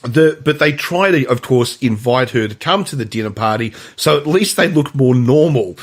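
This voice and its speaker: A male podcast co-host chats casually about films, rambling with lots of restarts and stammered repeats. He laughs often and mimics film lines in a raised voice. His voice is medium-pitched and expressive, at a moderate pace.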